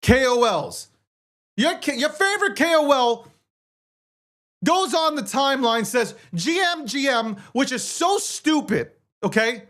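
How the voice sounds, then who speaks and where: A man's voice: very high-pitched, animated, a little slow, a bit bright. A man hosting a show, ranting in heated, profane, sarcastic commentary. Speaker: show host.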